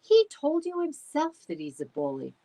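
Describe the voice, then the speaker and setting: Figure: woman playing a patient, dry schoolboy in a storybook. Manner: plain, sometimes hushed. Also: sits high, huge pitch swings, moderate pace, pitched above the performer's own voice, full character voice.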